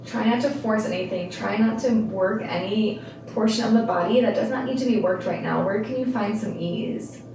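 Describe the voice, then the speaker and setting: A woman leads a yoga practice, her steady cues for breath and movement mixed with casual, friendly tangents. Her voice sits in a mid register and rings in a very echoey room. The mic is a few steps away, with a faint hum of ambience behind her. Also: mid-range voice, moderate pace, few pauses, far from the mic. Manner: calm cueing with casual rambling asides. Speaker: yoga instructor. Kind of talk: guided yoga class.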